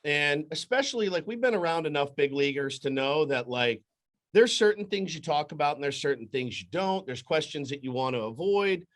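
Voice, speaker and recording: A man who hosts sports radio, guesting on a podcast and telling stories animatedly, with quick bursts and restarts. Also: fairly high pitch, lively intonation, fairly bright tone. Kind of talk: casual conversation, storytelling.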